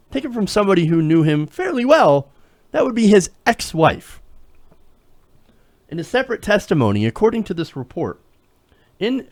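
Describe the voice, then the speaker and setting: A slightly high male voice, free of echo, hosts a live political talk show. Loose and sarcastic, he laughs his way through clips in casual live-stream commentary.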